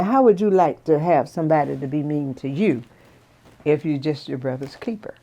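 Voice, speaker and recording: Low-voiced older woman. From Florida, USA. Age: 70s. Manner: folksy, repeats "I said", gently preachy. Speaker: storyteller guest. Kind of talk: casual personal storytelling.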